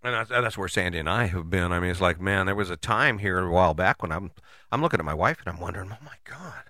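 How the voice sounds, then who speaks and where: Animated man with a bright, lively voice. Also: low voice, fast, dry recording. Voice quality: casual, swears freely. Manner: animated, conversational, frequent rhetorical questions. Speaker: motivational host. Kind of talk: motivational monologue.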